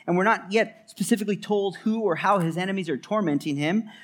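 A man's voice: high-pitched, fairly quick, fairly bright tone. Guy preaching a sermon, earnest and emphatic, piles up words one after another. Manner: earnest, emphatic, stacks repeated phrases. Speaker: pastor.

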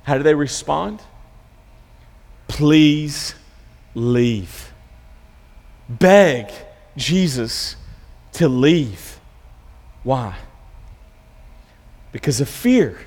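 A high-pitched male pastor preaching a sermon, storytelling casually and stumbling over repeated words as he goes. His voice carries a long reverb from a large hall. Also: sing-song, extremely slow, long pauses, a little mellow, husky.

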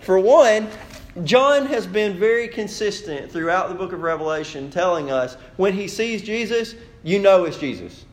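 Pastor guy preaching, kinda high voice, emphatic but chatty. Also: lively intonation, normal speed. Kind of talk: sermon.

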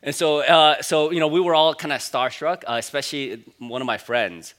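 A pastor in his forties preaching a sermon in a church, in a relaxed, conversational storytelling way with plenty of "uh" and "you know" fillers. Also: fairly high pitch, normal speed. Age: 40s.

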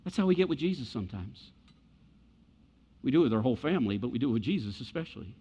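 A man's voice: medium pitch, very animated, quick pace, dark tone, slightly rough. A male pastor preaching a conversational sermon, acting out the voices of doubters and of Jesus. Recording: muffled sound with long hall reverb.

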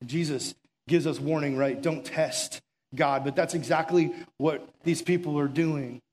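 Male preacher, high bright voice, chatty storytelling sermon that turns soft and slow. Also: steady tone, a little hiss or hum. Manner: casual storytelling, acts out quoted voices, drops to soft and slow near the end.

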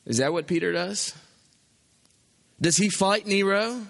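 A man preaching a sermon as pastor, animated, voicing imagined objections. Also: high-pitched, a little slow, creaky, pauses often, in a large hall.

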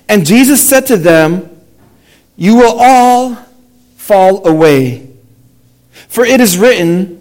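Male pastor, high-pitched, sermon delivery in a church; slow scripture reading with hushed drops. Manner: reads slowly, dropping to a hushed, low delivery at key lines; invites the congregation to read aloud with him. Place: church sanctuary.

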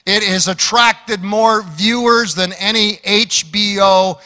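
A man's voice: high-pitched, fairly even intonation, slow pace, sharp tone, in a large hall. A man preaching a sermon, folksy and joking, with emphatic calls to the congregation. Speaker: pastor.

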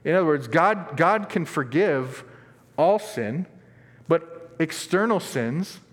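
A man preaching a sermon as pastor, earnest and emphatic, dropping from strong stress to quiet asides. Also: a little high, lively intonation, slow. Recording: long reverb of a large hall.

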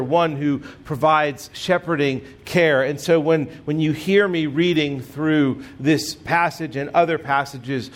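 A middle-aged man preaching a sermon as pastor, telling stories in a conversational way with self-deprecating humor. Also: on the high side.

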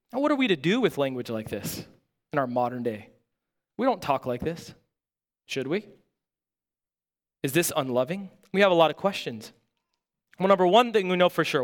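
A man preaches a sermon with earnest, forceful emphasis and a voice pitched a little above the usual male range. He keeps putting pointed rhetorical questions to his listeners. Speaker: pastor.

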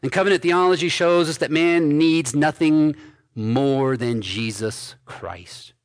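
A man pastor preaching an expository sermon, reading scripture aloud and commenting on it with emphatic stresses and quiet endings. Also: fairly high pitch, takes it slowly. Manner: emphatic preaching, swinging between loud stresses and dropped soft endings.

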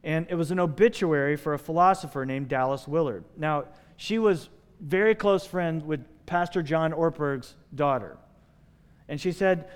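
Male pastor, sermon storyteller; clear, resonant tone with a long hall reverb. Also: a little high, moderate pace. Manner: animated storytelling, acting out quoted voices.

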